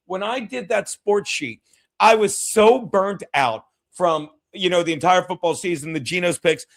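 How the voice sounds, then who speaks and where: A man's voice: sits high, a bit bright. A man hosting a podcast, chatting casually and bluntly, rambling and swearing often. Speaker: podcast host. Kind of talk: casual, profane chat.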